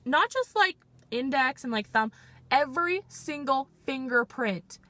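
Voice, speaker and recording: A woman quoting a fussy male border officer in a flat, bureaucratic way. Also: extremely high pitch, a little slow, no room sound, heavily acted. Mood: demanding.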